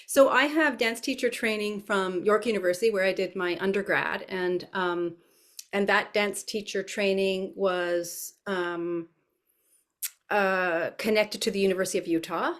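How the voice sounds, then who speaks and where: A woman's voice: mid-range voice, fairly even intonation, measured pace, fairly bright tone. A woman dance educator answering interview questions, thinking aloud with frequent fillers and restarts. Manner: thoughtful, many fillers and restarts.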